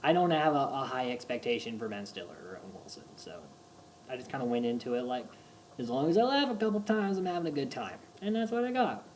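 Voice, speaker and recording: Excitable man rambling through movie reviews. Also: medium pitch, fast, slight background noise. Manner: excitable, gushing fan with rambling restarts. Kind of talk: casual vlog review.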